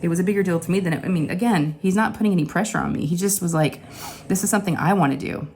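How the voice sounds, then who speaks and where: A woman's voice: fairly low pitch, very fast, a little mellow, a little hiss or hum. A woman in her forties, a craft channel host, telling a candid personal story in a rambling, emotional way from her home craft room.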